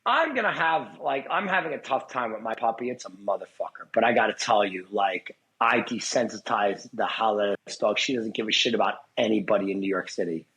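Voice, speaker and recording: A man's voice: fairly low pitch, fairly quick, hardly any pauses, a bit bright, rough recording. A man being interviewed as a guest dog trainer, talking in a blunt, profane way and voicing what dogs think. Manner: blunt, profane, acts out dogs' thoughts. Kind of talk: casual podcast interview.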